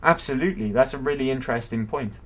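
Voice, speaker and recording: A man's voice: mid-range voice, quick pace. A man commentating his game live, musing aloud in a rambling, curious way. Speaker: game streamer. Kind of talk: livestream gameplay commentary.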